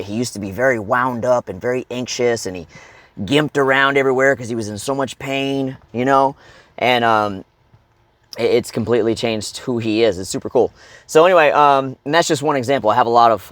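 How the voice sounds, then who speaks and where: A man coaching viewers in a blunt, profane monologue, often checking in with "okay?" and breaking into loud shouts and grunts to demonstrate. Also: mid-range voice, no room sound. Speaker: fitness and life coach.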